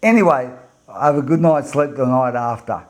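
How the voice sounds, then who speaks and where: A man's voice: mid-range voice, animated, normal speed. A middle-aged man from Australia, a men's coach telling a story in a motivational talk, rambling, repeating words and laughing as he goes. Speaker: men's coach and podcast host.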